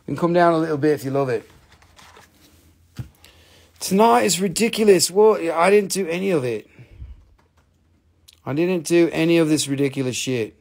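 A man's voice: a little high, animated, moderate pace, gravelly, long pauses, darkish tone. A man hosting a casual live stream selling rocks and minerals, rambling and joking with plenty of swearing. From Appalachian Valley, USA. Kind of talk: casual live sales chat.

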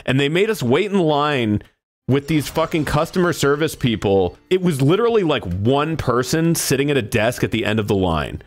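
A man's voice: medium pitch, sing-song, normal speed. Swearing man telling a story. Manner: swears a lot, acts out the people he quotes. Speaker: streamer. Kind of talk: casual stream chat, telling a story.

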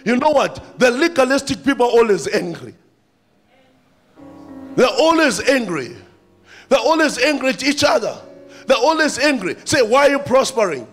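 A man pastor with a South African accent, preaching an impassioned sermon that rises to shouts. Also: very high voice, very animated, moderate pace, pauses often, soft background music.

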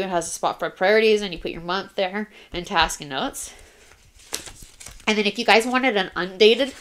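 A woman's voice: medium pitch, a bit bright. A young woman casually narrating a planner flip-through, chatty and apologetic, often trailing off and restarting. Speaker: planner vlogger. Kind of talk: casual show-and-tell narration.

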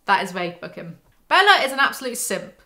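Sarcastic woman, book recap host, bright edgy tone. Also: medium pitch, big pitch swings, quick pace. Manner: sarcastic, mocking asides. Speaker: book commentary YouTuber. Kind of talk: casual snarky book recap.

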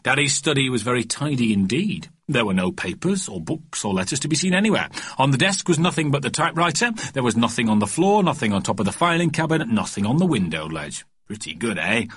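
Guy reading a kids storybook, bouncy animated delivery, bit husky, dry close sound. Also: mid-range voice, fast talker, few pauses, no room sound. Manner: lively, expressive reading. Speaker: audiobook narrator. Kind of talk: storybook narration.

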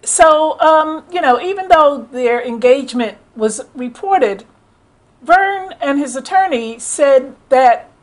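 A woman's voice: sits high, takes it slowly. A middle-aged woman talking casually into the camera, telling stories and acting out the people in them. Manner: storytelling, animated, quotes others in voices. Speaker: commentator. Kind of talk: casual spoken commentary.

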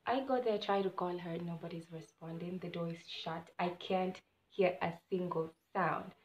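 A young woman telling a story as a vlogger, animated, swinging between loud exclamations and low mutters. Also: moderate pace, lo-fi sound, slight background noise. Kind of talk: casual storytime narration. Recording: echoey room.

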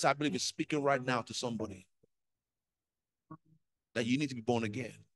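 A man's voice: medium pitch, fairly quick, pauses often, dry recording, rough recording. A male pastor giving an urgent, pleading altar call in church, with many repeated lines.

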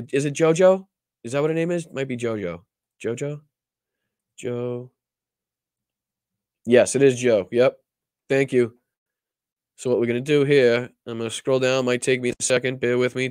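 A man's voice: medium pitch, darkish tone, dry recording, clean studio sound. A man hosting a political livestream, talking casually with a lot of profanity and rambling restarts. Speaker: political talk show host.

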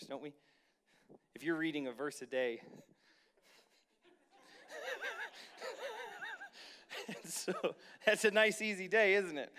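A man preaching a sermon as pastor, reading scripture and then commenting casually to the congregation, slowing down to stress key lines. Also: on the high side, a bit bright.

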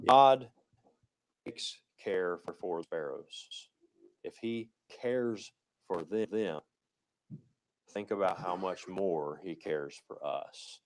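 A man's voice: low voice, takes it slowly, long pauses, low-quality recording. A male pastor giving a casual, conversational sermon, with many restarts and a habit of asking "right?".

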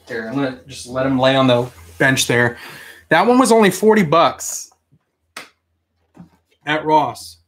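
Male host for a home toy-haul stream, casual and chatty, mid-pitch, storytelling with lively quoted reactions. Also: a little slow, long pauses. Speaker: toy collector show host. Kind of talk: casual live-stream chat.

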